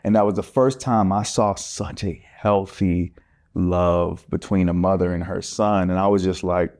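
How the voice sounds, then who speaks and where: Deep mellow-voiced man telling a story. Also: unhurried. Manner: animated, acts out quoted voices, laughs often. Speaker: podcast co-host. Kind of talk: casual storytelling.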